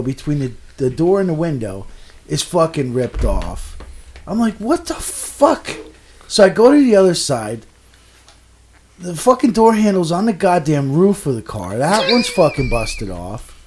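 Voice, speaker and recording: Brief: male storyteller, profane and exasperated, wide animated pitch swings. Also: a little hiss or hum. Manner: animated, swinging between low mutters and loud outbursts. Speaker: storyteller in a casual podcast. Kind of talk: casual chat.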